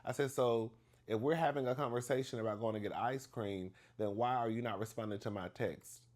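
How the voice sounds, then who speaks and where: A man telling a story to the camera in a chatty, animated way, acting out the dialogue with big emphasis and calling the listener "girl". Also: mid-range voice, fairly quick. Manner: acts out dialogue with exaggerated emphasis.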